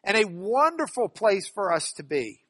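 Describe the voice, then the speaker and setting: A man preaching a sermon as pastor, hammering single words with big swings in loudness and leading the congregation in call-and-response. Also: sits high, big pitch swings, normal speed, slightly rough, no echo. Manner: ends in a quiet, soft-spoken prayer.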